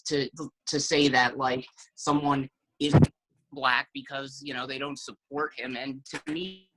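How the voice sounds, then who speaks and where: A man's voice: mid-range voice, fairly bright tone, rough recording. A man who is a guest on a casual podcast, speaking hesitantly and thinking aloud with many fillers.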